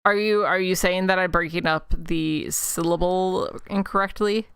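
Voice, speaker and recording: A woman's voice: on the low side, fairly even intonation, fairly bright tone, smooth, no echo, clean studio sound. A woman from Chicago with a Chicago accent, chatting casually and rambling into a desk mic while livestreaming a game. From Chicago, United States. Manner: chatty and rambling, quick self-mocking asides. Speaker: streamer. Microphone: desk microphone.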